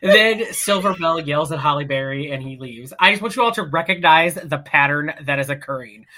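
A woman's voice: low voice, expressive, fairly quick, pushed and bright. A woman co-hosting a podcast, recapping a film in blunt, mocking casual chat. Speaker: podcast co-host.

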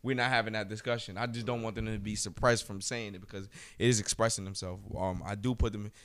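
A man's voice: fairly low pitch, steady tone, quick pace, fairly bright tone, clear, resonant tone. A man, chatting casually and telling stories in loose, profane slang. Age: 30s. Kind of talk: casual chat.

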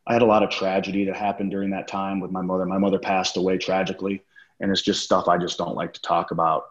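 A man, a former wrestler as podcast guest, telling a profane story and acting out what others said. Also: low voice. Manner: profane, acts out quoted dialogue. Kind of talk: casual storytelling interview. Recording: roomy, dull lo-fi sound.

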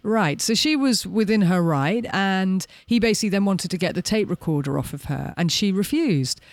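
A man's voice: high-pitched, moderate pace, no echo. A man co-hosting a casual podcast, animatedly retelling events from a documentary and acting out the quotes. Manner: animated storyteller, acts out quotes. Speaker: podcast co-host. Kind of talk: casual chat recounting a documentary.

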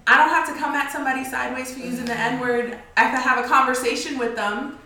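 A woman on a podcast talks through her view earnestly and thoughtfully. Her voice is fairly high and sits back from the mic in a strongly echoing room. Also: steady tone, fast talker, bright, forceful tone, distant mic. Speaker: podcast co-host. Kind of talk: casual chat.

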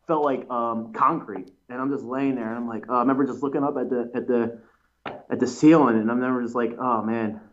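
A pro wrestler and tag team champion tells stories in a casual interview, rambling with lots of fillers and restarts. His mid-range voice is fairly even in intonation and quick, on a muffled recording with slight background noise.

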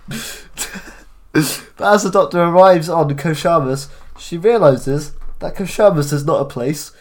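A man's voice: a little high, slow, a little mellow. A man co-hosting a podcast, chatting casually about a TV episode, laughing often and rambling with restarts. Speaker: podcast co-host. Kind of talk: casual chat recapping a TV episode.

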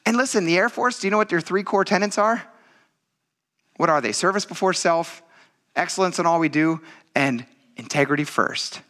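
Bright, lively man preaching. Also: high-pitched, normal speed, pauses often. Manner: conversational, animated storytelling with laughs. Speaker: pastor. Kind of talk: sermon.

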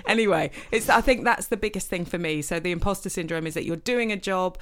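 A middle-aged woman, chatting casually as a podcast co-host, self-deprecating and quick to laugh. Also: on the low side, slight background noise. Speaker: podcast co-host, choir leader. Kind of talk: casual chat.

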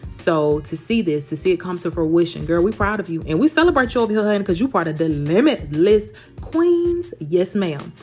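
A woman, hosting a motivational solo podcast in an animated, emphatic way, full of endearments. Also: fairly low pitch, soft background music. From United States. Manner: fast-talking. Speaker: podcast host.

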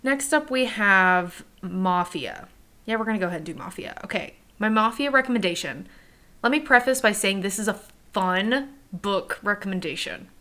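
A woman's voice: mid-range voice, lively intonation, normal speed, bright, forceful tone. A young woman talks through book recommendations in a loose, conversational way, with an ordinary mid-range voice. She is candid and cheerfully profane, addressing her listeners directly. The recording is a simple home setup. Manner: candid and chatty, swears freely, talks to listeners. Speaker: podcast host. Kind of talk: casual book-review chat. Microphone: home recording by a front window.

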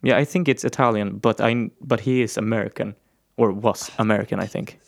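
A man in casual conversation, insistent yet playful and quick to laugh. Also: fairly low pitch, steady tone, vocal fry, no room sound, clean studio sound. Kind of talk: casual chat.

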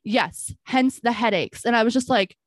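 On a podcast she co-hosts, a woman with a voice on the high side recounts a story at normal speed in a dry recording. It's casual chat, and she brings it to life by performing both sides of the exchange, saying "I'm like" again and again.

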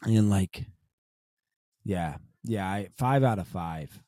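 A young man co-hosting a podcast talks in a loose, rambling way, circling back with restarts and fillers. His voice sits low and warm. The sound is dry and close. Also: slow, no echo. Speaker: podcast co-host. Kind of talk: casual chat.

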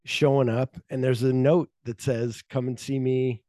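A man co-hosting a podcast, chatting casually about a film, rambling and acting out scenes in quick quoted voices with free swearing. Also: medium pitch, flat delivery, dark tone, no echo, studio quality. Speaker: podcast co-host.

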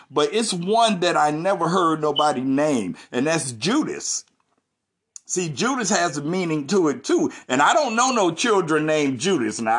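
A pastor delivers a sermon in a husky, somewhat high voice. He talks in a folksy, conversational way, reads Bible verses aloud and turns to ask his congregation questions. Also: fairly bright tone.

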